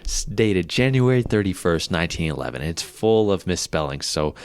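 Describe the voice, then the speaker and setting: A man co-hosting a podcast, telling a history story in a casual, animated way and often laughing. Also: low voice, moderate pace, smooth. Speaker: podcast co-host.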